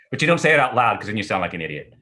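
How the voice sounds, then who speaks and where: A man's voice: lowish voice, big pitch swings, rapid-fire, sharp tone. A man co-hosting a live tech Q&A, chatting casually and making dry, self-mocking jokes. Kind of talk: casual live-stream banter.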